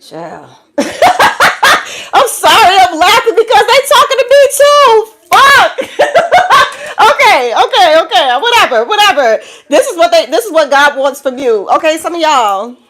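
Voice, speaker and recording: A woman with a New York accent giving a collective tarot reading, blunt and profane, preaching to viewers and calling them child and baby. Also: fairly high pitch. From the Bronx, New York. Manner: blunt and profane, laughing through the talk. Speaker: tarot reader.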